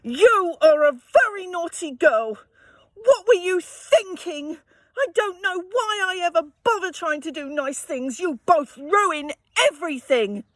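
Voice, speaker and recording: A woman voicing an overwhelmed, explosive mum who shouts in a screechy voice close to tears. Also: very high voice, animated, very slow, few pauses, dry recording, pitched above the performer's own voice, full character voice. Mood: scolding, tearful.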